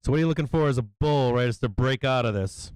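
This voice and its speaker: A man hosting a live stock-market stream, swearing freely and explaining chart levels, with bursts of excited yelling. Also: medium pitch, fast, smooth, dry recording, low-quality recording. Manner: profane, excitable, yelling at times. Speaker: stock market livestream host. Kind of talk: live trading commentary.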